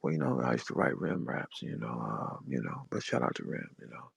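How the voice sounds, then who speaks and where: A man imitating another rapper as a laid-back, deep-voiced smooth talker who murmurs and drawls with lots of fillers. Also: brisk, no echo, full character voice. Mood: crooning. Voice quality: deep, low crooning murmur.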